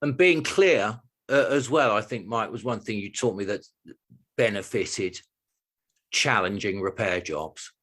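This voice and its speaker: A man's voice: on the low side, measured pace, fairly bright tone. A man co-hosting a podcast, speaking thoughtfully with hesitant, searching phrasing. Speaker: podcast co-host. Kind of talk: casual discussion.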